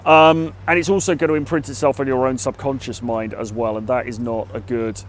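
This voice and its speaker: A British man at a middling pitch talks casually to the camera from a city street, with faint traffic behind him. His delivery is loose and conversational, full of "sort of" and "kind of". He hedges his way toward his points. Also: steady tone, a little fast. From Britain. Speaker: dating coach vlogger. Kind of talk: casual advice talk to camera. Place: outdoors in a city.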